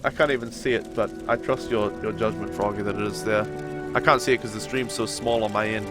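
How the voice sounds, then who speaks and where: A man's voice: fairly low pitch, fairly even intonation, brisk, music in the background. A young man with a nasal voice and a sore throat, chatting casually as he streams a game and answers his viewers. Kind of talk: casual chat during a live game stream.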